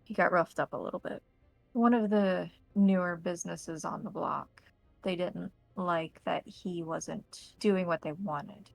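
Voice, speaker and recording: A woman with an American accent voicing a polite, businesslike nightclub owner who speaks in a quiet, measured, matter-of-fact way. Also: on the low side, fairly even intonation, vocal fry, no room sound, low-quality recording.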